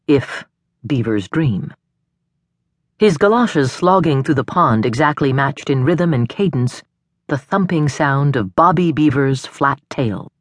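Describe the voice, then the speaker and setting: A woman narrating a suspense audiobook in a measured, expressive storytelling manner, recorded on a studio microphone. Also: low-pitched, no echo.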